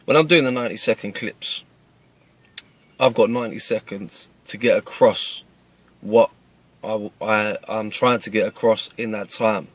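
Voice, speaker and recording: A man's voice: on the low side, a little slow, no echo. A man in his thirties from East London with a Cockney accent, talking earnestly to camera from inside a parked car, plain-spoken and often restarting his phrases. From East London, England. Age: 30s. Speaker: self-defence video maker. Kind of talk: casual talk to camera.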